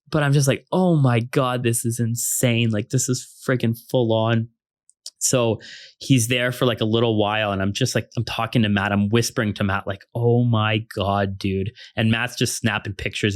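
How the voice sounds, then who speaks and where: A young man from Canada telling an ice-climbing story in a casual, excitable, rambling way, full of fillers and restarts. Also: medium pitch, no room sound, clean studio sound.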